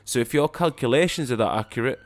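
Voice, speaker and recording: A man's voice: mid-range voice, quick pace. A man co-hosting a podcast, chatting casually in a blunt, sweary, argumentative way. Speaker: podcast co-host. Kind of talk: casual chat.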